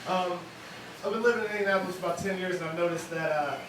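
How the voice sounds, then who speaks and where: A man's voice: high voice, racing. A young man performing a rambling, self-deprecating stand-up set at an open mic in a wine bar. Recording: echoey room, distant mic, bar noise.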